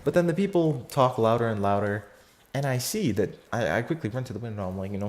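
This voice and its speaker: A man's voice: mid-range voice, expressive, fast talker. A fourteen-year-old boy telling a story in a casual vlog, rambling with lots of fillers, slang and restarts. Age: teenager, fourteen.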